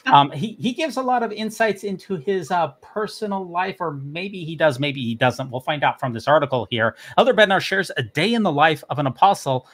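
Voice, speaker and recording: A man hosts a casual talk podcast with a slightly raised pitch. He delivers the commentary in a wry, sardonic way, listing points in a steady build. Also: a little fast, hardly any pauses. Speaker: podcast host. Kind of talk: casual news discussion.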